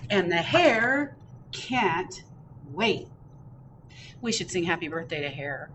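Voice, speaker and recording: A woman librarian reading picture books aloud at storytime, expressive, with chatty asides in a public library. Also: fairly low pitch, slow pace, long pauses, highs cut off, a little hiss or hum. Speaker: children's librarian. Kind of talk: picture book read-aloud.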